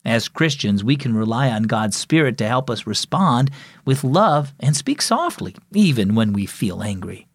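A man voicing a calm, reassuring mother in a children's story. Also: mid-range voice, moderate pace, no echo, clean studio sound, pitched below the performer's own voice. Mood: warm. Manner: gentle, reassuring.

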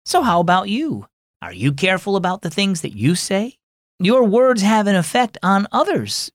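A man hosting and narrating a children's story program in a friendly, expressive storytelling manner. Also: high voice, dry recording, clean studio sound. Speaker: host and narrator.

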